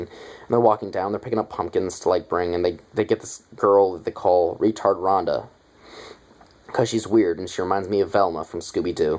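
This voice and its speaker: A man's voice: low-pitched, a little mellow, poor audio. A young man casually retelling a movie's plot in a review, rambling with lots of fillers and offhand asides.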